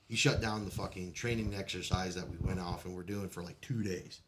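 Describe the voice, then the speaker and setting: A man's voice: fairly low pitch, moderate pace. A man telling his military stories as a podcast guest, in casual storytelling style, swearing freely and laughing often between lines. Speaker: podcast guest, Marine veteran.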